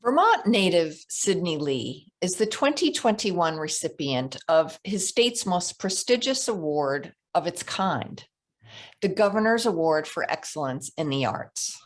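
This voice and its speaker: A woman's voice: fairly low pitch, big pitch swings, measured pace. A woman hosting a literary reading, introducing the next guest in an admiring way. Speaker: event host introducing a guest.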